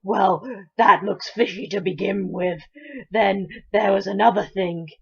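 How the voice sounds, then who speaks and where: A woman voicing a miserable young boy in a parody storybook reading, loud and whining on the edge of tears. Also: mid-range voice, fairly even intonation, unhurried, vocal fry, slightly rough, full character voice. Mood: ranting. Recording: dull lo-fi recording.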